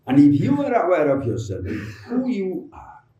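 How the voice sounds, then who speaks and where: A man's voice: a little high, huge pitch swings, a little slow, mellow, dull audio. A man giving a spiritual discourse to a camp audience, teasing his listeners with rhetorical questions and acting out their replies. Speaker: spiritual teacher. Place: large hall at an ashram. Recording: echoey hall, voice from a distant mic.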